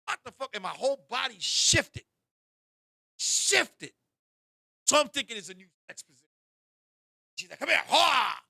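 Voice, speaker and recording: A man hosting a talk show, telling a raunchy story in an animated way, bursting into shouts and turning to his co-host again and again. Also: extremely high pitch, normal speed, creaky, pauses often, no room sound, clean studio sound.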